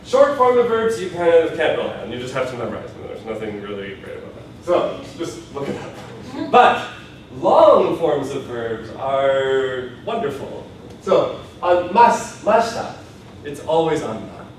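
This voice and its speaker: A man's voice: mid-range voice, very animated, measured pace, far from the mic, slight background noise. Male teacher, patient explainer, recorded from across a very echoey classroom. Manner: explains patiently, models words for repetition, laughs now and then. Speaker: Japanese language teacher. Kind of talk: classroom lecture.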